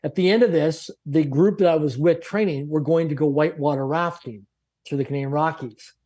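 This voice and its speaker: A man shares a personal story as a guest on a podcast. He speaks with animated emphasis, piling up short punchy phrases, and his voice sits a touch higher than most men's. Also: brisk.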